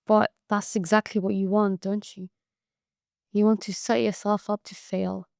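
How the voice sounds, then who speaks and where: A woman hosts her own podcast in a blunt, profane monologue of tough love. Her voice carries a gravelly, creaky edge. The sound is dry and close, with no room around it. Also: mid-range voice, little pitch movement, moderate pace, darkish tone, no room sound. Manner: tough-love pep talk. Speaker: podcast host. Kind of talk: casual monologue.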